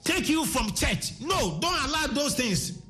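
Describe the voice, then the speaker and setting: A man's voice: extremely high pitch, big pitch swings, measured pace, pushed and bright, soft background music. A man with a Ghanaian accent preaching a sermon, switching between English and Twi, repeating his words and sometimes singing his phrases.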